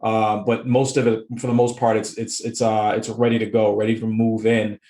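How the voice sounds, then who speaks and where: A man's voice: on the low side, little pitch movement, moderate pace, dark tone, roomy sound. A man from the Boston area, a real estate investor appearing as a podcast guest, laid-back and laughing easily, with lots of fillers. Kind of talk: casual interview chat.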